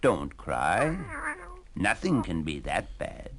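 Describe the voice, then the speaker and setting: A man's voice: sits low, big pitch swings, slow pace, exaggerated voice. A man voicing a cheerful, hearty old male donkey in a storybook record. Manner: hearty and coaxing.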